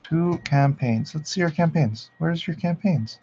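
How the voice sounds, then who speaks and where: A man with a slightly high, slightly rough voice talks a little slowly as he hosts a drawing livestream, and the audio has its highs cut off. He chats easily with viewers, reading the chat aloud and laughing with amusement.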